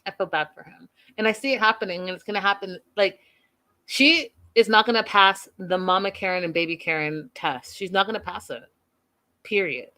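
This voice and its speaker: A woman's voice: mid-range voice, moderate pace, sharp tone. A woman hosting a TV recap show, chatting casually to her viewers in a gossipy, playfully dramatic way.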